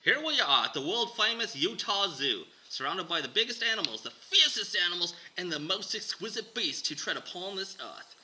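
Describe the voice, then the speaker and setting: A man's voice: high voice, very animated, normal speed, few pauses, background noise, voice pushed up. A man putting on a gushing Australian wildlife host. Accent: put-on Australian. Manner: loud, gushing, hammy.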